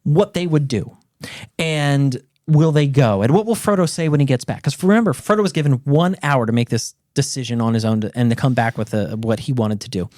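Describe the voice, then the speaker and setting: A man casually retelling a book's plot on a podcast, animated and profane, acting out the characters' lines. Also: medium pitch, brisk, no echo, clean studio sound. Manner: animated storyteller, swears freely, acts out characters. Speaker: podcast host retelling a book. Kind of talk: casual chat.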